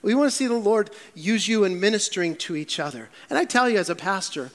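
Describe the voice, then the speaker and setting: A man preaching a sermon as a pastor in a church, telling stories with animated, voiced quotes. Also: high voice, fast talker, long reverb tail.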